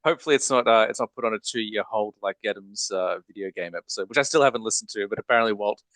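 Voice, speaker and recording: Male podcast host, low voice, dry close sound, upbeat and chatty, lots of ums and uhs. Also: quick pace, fairly bright tone, dry recording, poor audio. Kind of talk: casual podcast chat.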